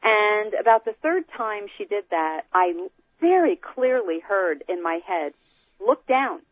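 A woman guest telling an animated personal story, acting out quoted lines, over a call. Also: mid-range voice, measured pace. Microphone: phone call. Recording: tinny phone line.

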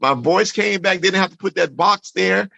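A man's voice: high-pitched, moderate pace, creaky, pushed and bright, dry recording, lo-fi sound. A man giving an earnest, emphatic personal testimony in an interview, repeating phrases and often saying "man". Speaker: interview guest. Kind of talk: emotional personal testimony in conversation.

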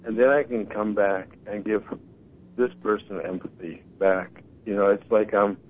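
A man's voice: lowish voice, moderate pace, slight background noise. Earnest man on a tinny phone line. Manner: earnest, animated storytelling, quotes others. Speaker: guest. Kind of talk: casual talk show conversation.

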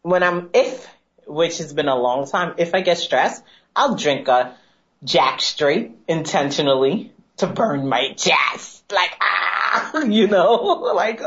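A woman's voice: on the low side, slow. A young woman co-hosting a casual chat show, telling stories with lots of laughter and quoted voices. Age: 20s. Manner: chatty storyteller, laughs often, animated quoting. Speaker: co-host. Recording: dull lo-fi sound.

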